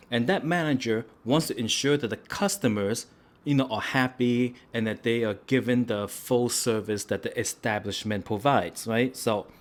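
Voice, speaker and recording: A man hosting a food and travel vlog, joking and rambling in a casual way with lots of "right?". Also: mid-range voice. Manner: playful, rambling, tag questions like "right?".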